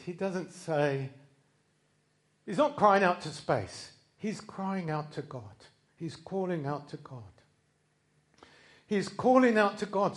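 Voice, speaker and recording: A man preaching a sermon in an earnest way, swinging from loud quoted cries to hushed asides. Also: sits high.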